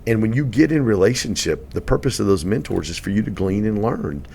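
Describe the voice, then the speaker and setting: A middle-aged man with a very low voice tells a story on a podcast, his delivery animated and rising in pitch and volume when he gets excited. Faint noise sits under the recording. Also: brisk, vocal fry. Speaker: podcast guest, real estate coach. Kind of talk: storytelling in a casual interview.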